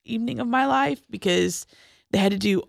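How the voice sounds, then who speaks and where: A young woman telling a personal story as a podcast guest, halting, with restarts and pauses, going quiet at the hardest parts. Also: a little high, gravelly, no room sound, clean studio sound. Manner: halting, with frequent restarts and trailing-off lines, dropping quiet at hard moments.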